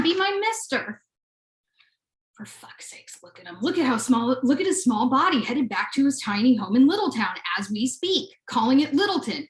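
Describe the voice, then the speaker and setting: A woman performs a poem at a live reading, with a high voice that leaps up and down in sing-song baby talk. Her cooing turns into pushy, mock-aggressive demands and back again. The sound rings around an echoey gallery room. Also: a bit bright. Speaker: poet reading at a live event. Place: art gallery space.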